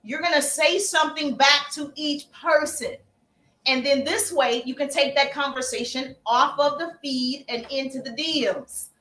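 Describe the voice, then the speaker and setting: A woman's voice: high voice, unhurried, bright, forceful tone, echoey room. A woman hosting a casual sales-coaching live stream, chatty, calling her viewers baby and acting out sample messages. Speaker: livestream host and sales coach.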